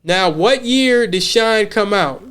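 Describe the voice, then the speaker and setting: A man's voice: high voice, expressive, takes it slowly, fairly bright tone, clear, resonant tone. An American man hosting a podcast, talking casually in a blunt, profane way, often repeating words as he thinks. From United States. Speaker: podcast host.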